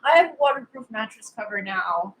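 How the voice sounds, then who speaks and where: A woman's voice: on the high side, animated, a little fast, fairly bright tone, low-quality recording. A woman guest on a podcast in casual chat, candid and self-mocking, often breaking into laughs. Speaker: interview guest.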